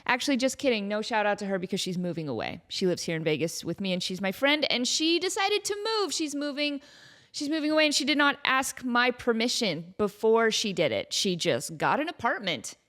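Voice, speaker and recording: A woman's voice: medium pitch, animated, brisk, a bit bright. A woman hosting her own podcast, chatting casually in a playful, self-mocking way with rambling asides. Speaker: podcast host. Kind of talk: casual solo chat.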